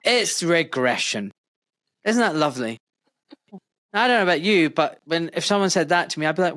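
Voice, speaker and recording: Sarcastic podcast host. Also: male voice, a little high, moderate pace, pauses often. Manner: sarcastic, animated, swears, mocks jargon. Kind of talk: podcast interview.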